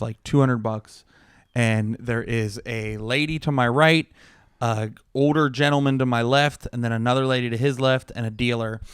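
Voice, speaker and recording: A man co-hosting a podcast, telling an animated, profane story in casual chat. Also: mid-range voice, clear, resonant tone, dry recording, studio quality. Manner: animated storytelling, heavy swearing. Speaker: podcast co-host.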